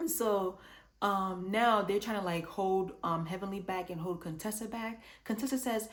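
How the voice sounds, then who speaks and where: A woman casually recapping a reality show episode, chatty and animated, acting out what the cast said. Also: medium pitch, moderate pace. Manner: chatty and animated, acts out quotes. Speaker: reality TV reviewer.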